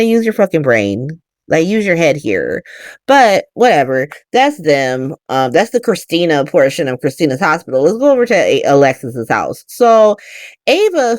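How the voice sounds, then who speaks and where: A woman hosting a casual solo recap, talking with laughter and quick acted-out voices. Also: low voice, dry recording, clean studio sound. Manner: animated, laughing, acts out characters in quick voices. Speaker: podcast host recapping a soap opera.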